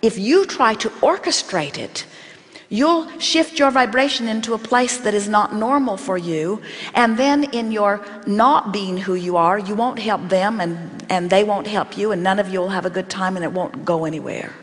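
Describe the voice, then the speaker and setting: A woman giving an inspirational workshop talk, speaking as a collective "we" in a measured, emphatic way. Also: medium pitch, in a large hall. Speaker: channeled spiritual teacher speaking as a collective.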